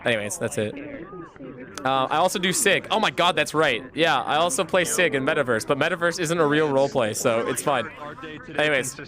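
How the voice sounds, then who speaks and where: A man chatting casually and profanely as a streamer, joking with his viewers and bursting into shouts. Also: fairly high pitch, animated, brisk, a crowd in the background.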